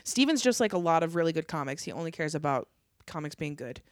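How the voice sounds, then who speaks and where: A young woman comedian chatting casually on a podcast, telling animated stories, swearing freely and acting out what people said. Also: sits low, quick pace, no echo, clean studio sound. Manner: animated storytelling, swears freely, acts out quotes. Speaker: stand-up comedian, guest.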